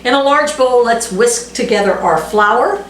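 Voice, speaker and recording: This cooking vlog features a middle-aged woman speaking a little slowly in an animated, higher-pitched voice, with slight background noise. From her home kitchen, echoey and full of clattering dishes, she reads out recipe steps and chats casually, poking fun at herself.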